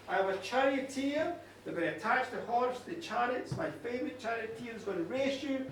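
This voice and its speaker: A storyteller voicing a proud, angry king who speaks slowly and threateningly, recorded live in a pub. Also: extremely high pitch, lively intonation, a bit bright, a little hiss or hum. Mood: commanding. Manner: slow, commanding, threatening. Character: proud angry middle-aged male king. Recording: echoey pub room from far off.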